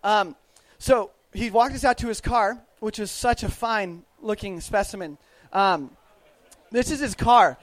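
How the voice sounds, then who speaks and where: A young man telling a travel story to a live audience in a casual, animated way, full of fillers and restarts. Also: sits high, measured pace, dry recording. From United States. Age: young adult.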